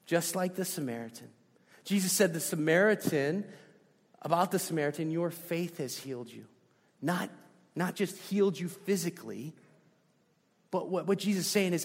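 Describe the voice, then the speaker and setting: Man preaching in a gravelly voice. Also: fairly high pitch, expressive, moderate pace. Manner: emphatic, switches to a soft hush for key lines. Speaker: pastor. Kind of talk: sermon. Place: church sanctuary. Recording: hall with long reverb.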